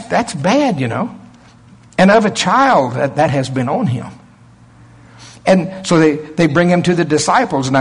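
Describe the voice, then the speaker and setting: Man, preacher, sermon, lively pitch, slightly high, emphatic. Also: husky. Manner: animated, emphatic, chuckles often.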